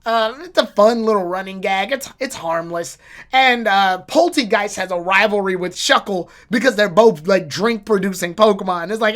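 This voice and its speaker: A woman reviews an anime episode in a casual, rambling, opinionated way, swearing and restarting as she goes. Her voice is mid-range and her pace moderate.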